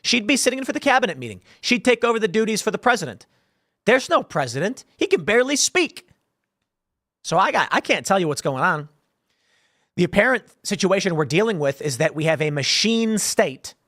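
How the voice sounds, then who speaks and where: A man's voice: high voice, very animated, brisk, fairly bright tone, no room sound, studio quality. Indignant man ranting political commentary. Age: 30s. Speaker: political commentary show host.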